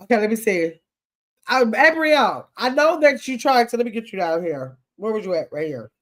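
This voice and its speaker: A woman's voice: fairly high pitch, sing-song, moderate pace. Chatty older woman reading live comments. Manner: chatty, playful, reads viewer comments aloud. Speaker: livestream host. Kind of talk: casual livestream chat reading comments.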